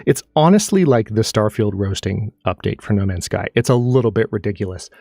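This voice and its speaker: A man's voice: on the low side, lively intonation, brisk, gravelly, mellow, no room sound, studio quality. A man hosting his own live stream, chatting casually and animatedly, rambling with restarts while he plays a game. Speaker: streamer and channel host.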